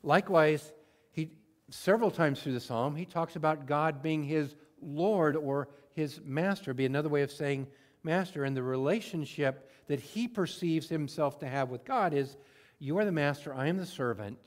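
A man preaching a sermon in a conversational way, acting out prayers in everyday words and moving between emphatic bursts and hushed moments. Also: on the high side, normal speed. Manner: conversational, swings from loud emphatic to soft and hushed. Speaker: pastor.

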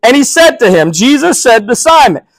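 A man preaching as a pastor, passionate, swinging between loud emphasis and hushed, quiet quoting. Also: very high voice, very animated, normal speed, dry recording, poor audio. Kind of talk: sermon.

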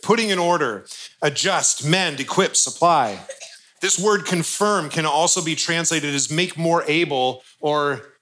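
A man's voice: fairly high pitch, sharp tone. A male pastor giving an earnest, conversational sermon with touches of light humor.

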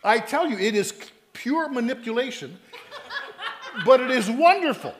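Male preacher, high voice, animated storyteller who acts out dialogue, sermon delivery. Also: moderate pace, noisy background. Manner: animated storytelling, acting out both sides of conversations.

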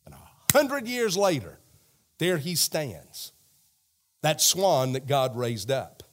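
Brief: male preacher, animated storyteller, unhurried. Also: fairly high pitch. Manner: animated storytelling, talks to the crowd directly. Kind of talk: sermon.

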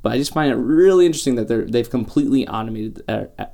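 Gravelly, mellow-voiced guy. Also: medium pitch, animated, rapid-fire. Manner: rambling, argumentative. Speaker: podcast co-host. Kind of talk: casual chat.

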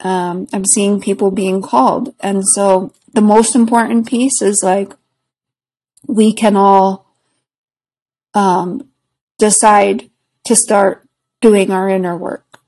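Unhurried, breathy-voiced woman guest. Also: mid-range voice, flat delivery, rough recording. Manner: reflective, earnest, laughs softly between thoughts. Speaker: podcast guest, spiritual practitioner. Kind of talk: casual conversation.

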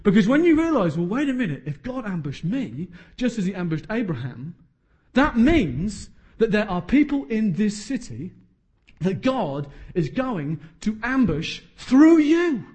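A man's voice: high-pitched, sing-song, measured pace, darkish tone. A man, preaching a sermon emphatically with joking asides. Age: 30s.

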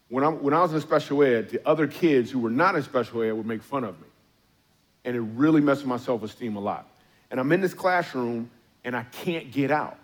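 A middle-aged man stands on a church stage with a microphone and tells comic stories. His voice sits in an ordinary middle pitch. He talks casually and acts out his own lines and other people's. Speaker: comedian preaching at a church service. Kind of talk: stand-up comedy storytelling.

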